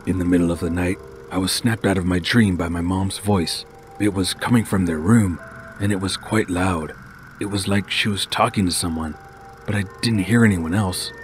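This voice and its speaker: A man narrating a scripted first-person horror story in a steady, measured way. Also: sits low. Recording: noisy home recording.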